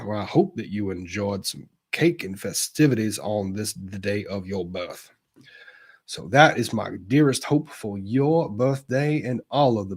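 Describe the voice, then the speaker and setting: A man putting on a Southern accent to play a formal, flowery Southern gentleman offering birthday wishes, with a husky voice. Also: fairly low pitch. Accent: Southern US (put on). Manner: slow, formal, flowery wording.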